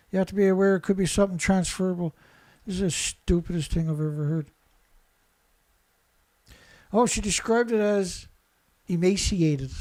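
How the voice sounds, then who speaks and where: This Canadian man, an environmental commentator, rants over news clips, reading the reports and mocking them with plenty of swearing and sarcasm. His voice sits high and has a warm tone.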